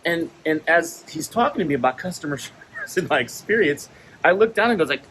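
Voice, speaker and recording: Animated man telling stories, slightly high voice. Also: brisk, a little hiss or hum, poor audio. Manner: animated, laughs often, acts out quoted exchanges. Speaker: vlogger sharing stories. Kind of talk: casual storytelling monologue.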